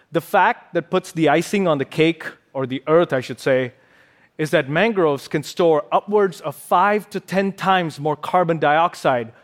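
A man speaking on stage as a wildlife conservationist, delivering a prepared talk with a playful, punning touch. His voice sits a little higher than most men's. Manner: playful, fond of puns.

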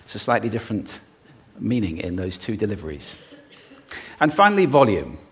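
Lively, expressive male stage speaker. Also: fairly low pitch, normal speed. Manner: expressive, playful, demonstrates vocal techniques. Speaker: public speaker. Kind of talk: stage talk to a live audience. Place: stage before an audience.

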